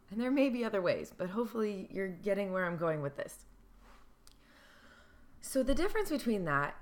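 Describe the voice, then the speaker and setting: A young woman vlogging to camera in a casual, earnest way, mixing emphatic bursts with slow, careful phrasing and the odd swear. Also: on the low side.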